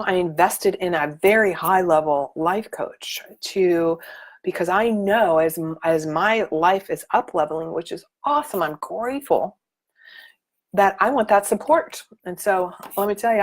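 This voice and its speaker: Animated woman life coach, low voice. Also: normal speed. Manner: animated, motivational, emphatic. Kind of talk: casual live-stream talk.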